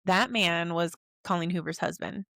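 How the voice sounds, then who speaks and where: A woman's voice: lowish voice, moderate pace, gravelly, no echo. A young woman, co-hosting a casual podcast chat and telling stories with acted-out quotes. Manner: animated storyteller, acts out quotes in changed voices. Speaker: podcast co-host.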